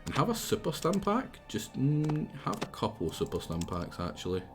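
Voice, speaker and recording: A man's voice: medium pitch, huge pitch swings, normal speed, over music. A Scottish man streaming a game live, rambling casually, swearing freely and talking back at the game. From Scotland. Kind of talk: casual live gameplay commentary.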